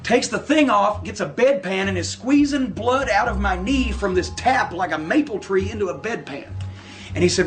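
A man telling a long, profane anecdote in a casual interview, animated and full of asides. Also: high-pitched, normal speed, soft background music. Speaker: guest telling a story. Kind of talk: casual storytelling.

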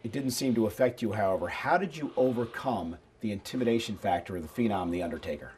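Low-voiced male interviewer. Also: fast, a little mellow, a little hiss or hum. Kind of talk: sports interview.

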